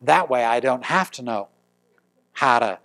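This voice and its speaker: A man's voice: medium pitch, lively intonation, measured pace, gravelly, fairly bright tone, pitched below the performer's own voice. A man quoting an eager young schoolboy, pleading and hopeful, in a sermon story. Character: eager young schoolboy who hates reading.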